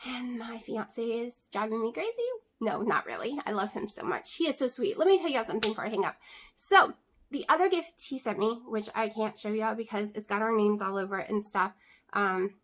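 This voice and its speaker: A high-pitched woman talks casually to her camera. She rambles warmly from one aside to the next, full of little fillers. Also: brisk, slight background noise. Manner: chatty, many fillers and asides. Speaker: vlogger.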